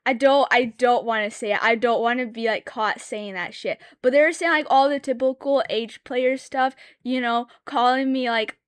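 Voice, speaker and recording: A woman's voice: fairly high pitch, moderate pace, few pauses, clear, resonant tone, no room sound. A young woman streamer chatting casually while she draws, swearing often and rambling through stories with lots of filler words. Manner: laughs between sentences. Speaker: streamer drawing live. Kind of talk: casual chat.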